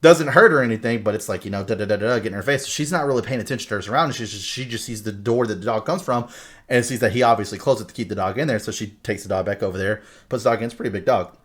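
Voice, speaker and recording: Man, podcast co-host, casual chat, animated movie retelling, lots of swearing and filler words. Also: lowish voice, racing. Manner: animated storyteller, heavy swearing, many fillers.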